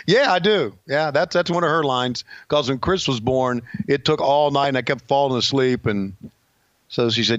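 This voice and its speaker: Laid-back co-host, slightly muffled. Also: male voice, medium pitch, moderate pace, dry recording. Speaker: podcast co-host. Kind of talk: casual chat.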